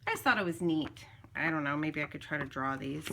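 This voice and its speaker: A woman's voice: deep voice, fairly quick, pushed and bright, slight background noise. A woman vlogging at home, chatting casually and rambling as she shows off her finds. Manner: chatty, rambling, self-interrupting. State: slightly out of breath. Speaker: craft vlogger. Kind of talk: casual show-and-tell.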